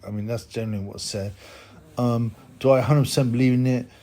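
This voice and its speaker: A man's voice: medium pitch, fairly even intonation, brisk, mellow. A man hosting a boxing channel, giving a rambling, opinionated commentary monologue full of asides and tags like "huh?" and "man".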